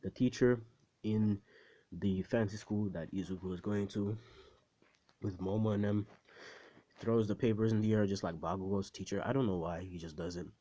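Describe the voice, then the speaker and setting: A man's voice: fairly low pitch, fairly even intonation, moderate pace, pauses often, mellow. A man casually retelling a fan story in a rambling, slangy way, laughing at his own jokes. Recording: slightly muffled recording.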